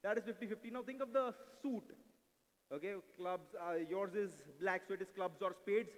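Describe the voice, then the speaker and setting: Guy doing card tricks on stage, high quick voice, big echoey hall. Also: fairly even intonation. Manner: brisk and playful, mixing English with Hindi, coaxing volunteers. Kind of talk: live stage mentalism act with audience volunteers. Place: large event hall. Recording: live hall recording with long reverb.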